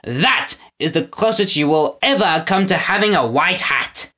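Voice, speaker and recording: A man voicing a pompous aristocratic lord in an audiobook, blustering and shouting. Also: a little high, expressive, a little slow, heavily acted. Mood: furious.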